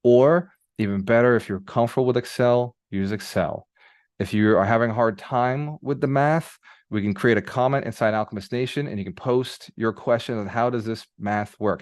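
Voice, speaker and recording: Low-voiced man leading a coaching call. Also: dry recording, studio quality. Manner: conversational storyteller, animated, casual swearing; audience prompts, repeated phrasing. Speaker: business mentor. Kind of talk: live group coaching call. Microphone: video call microphone.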